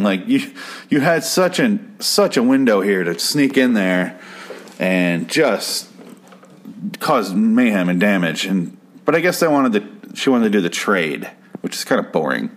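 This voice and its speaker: A man with a lowish voice rants through a show recap in loose, casual commentary. He swears often, trails off and restarts, and sounds openly exasperated with the characters. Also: big pitch swings, a little slow. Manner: profane, exasperated, rambling with restarts.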